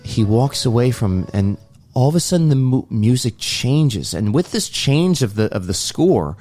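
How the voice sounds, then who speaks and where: A man's voice: mid-range voice, very animated, a little slow, mellow, soft background music. A man with a mid-range voice co-hosts a podcast and earnestly retells a film scene. He talks in a reflective, heartfelt way. He acts out the lines he quotes. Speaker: podcast co-host.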